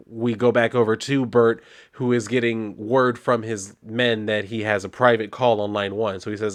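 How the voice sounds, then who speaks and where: A man's voice: medium pitch, moderate pace. A man casually retelling a comic book issue, reading its dialogue plainly and adding wry asides. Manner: relaxed, wry asides and fillers.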